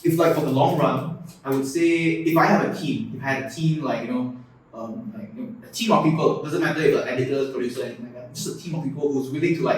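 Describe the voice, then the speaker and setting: Young man, content-creator guest, rapid and loose, lots of fillers; echoey room, mic set back. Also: medium pitch, far from the mic, a little hiss or hum. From Malaysia. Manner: loose and chatty, many "like"s and restarts. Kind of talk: casual interview chat.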